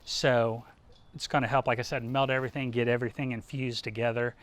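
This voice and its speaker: A man's voice: medium pitch, little pitch movement, brisk. A man hosting a live cooking demonstration, talking casually and upbeat with plenty of fillers as he works.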